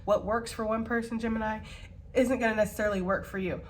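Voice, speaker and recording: A woman's voice: a little high, steady tone, fast talker, a little hiss or hum. A woman giving a tarot reading to her viewers, earnest and reassuring, openly emotional and swearing casually. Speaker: tarot reader.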